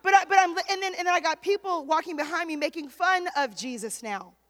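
A woman pastor preaching a sermon in a church, building to shouted, repeated declarations. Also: very high voice, fairly quick. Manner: preaching with rising shouts and repetition. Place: church sanctuary. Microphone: handheld microphone. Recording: long hall reverb.

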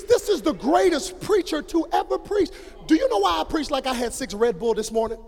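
A male preacher giving an animated sermon, moving between hushed storytelling and shouted, drawn-out phrases. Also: very high-pitched, vocal fry. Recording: long reverb of a large hall.

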